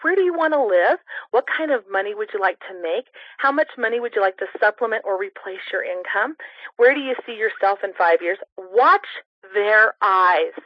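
A woman's voice: a little high, dry recording. Upbeat woman coaching over a muffled phone line. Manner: upbeat, coaching, acts out voice tones. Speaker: sales trainer on a conference call. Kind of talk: teleconference sales training. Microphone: telephone. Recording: muffled dry phone-call audio.

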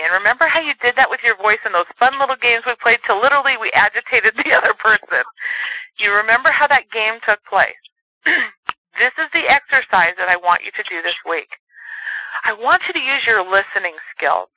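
Bright high-voiced male sales coach. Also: animated, brisk, no room sound, low-quality recording. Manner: earnest, coaching, acts out voices to demonstrate. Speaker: sales trainer. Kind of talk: motivational training talk.

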